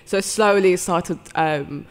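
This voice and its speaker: A woman's voice: on the low side, unhurried. A young woman from Saudi Arabia with a London English accent, a guest chatting casually on a live podcast and giggling often. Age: young adult.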